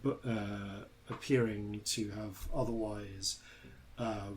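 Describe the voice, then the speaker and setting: Slow, halting man narrating as game master. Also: on the low side, fairly even intonation, a little hiss or hum, low-quality recording. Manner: unhurried, halting narration with many fillers. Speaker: dungeon master.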